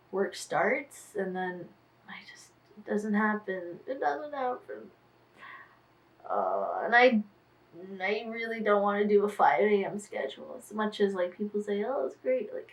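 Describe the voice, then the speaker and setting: Tired, sighing woman vlogging slowly. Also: mid-range voice, far from the mic, low-quality recording. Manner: sighing, trailing off, musing aloud. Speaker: artist manager. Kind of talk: casual diary vlog.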